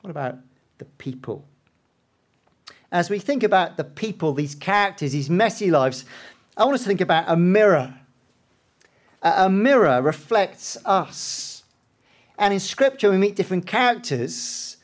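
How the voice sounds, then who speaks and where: A male preacher retells a scripture story in a measured, unhurried sermon. His voice sits a little high, and he swings between quiet, hushed asides and loud, dramatic emphasis. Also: expressive.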